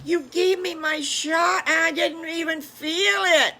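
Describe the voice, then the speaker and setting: Excitable piglet kids in a children's story, high and shrill; older woman acts them. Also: takes it slowly, full character voice. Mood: excited. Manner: squealing, high and breathless. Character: small scared excited little boy piglets.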